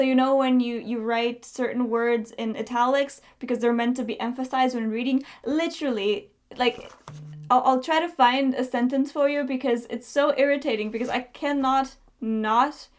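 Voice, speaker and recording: A young woman chatting casually through book reviews, candid and chatty, with lots of fillers. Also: sits high.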